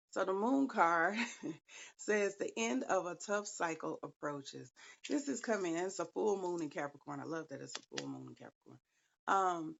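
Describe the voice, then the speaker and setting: A woman's voice: on the low side, creaky, dull audio. A woman giving viewers a casual spiritual tarot reading, chatty and slangy, talking straight to them. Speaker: tarot reader.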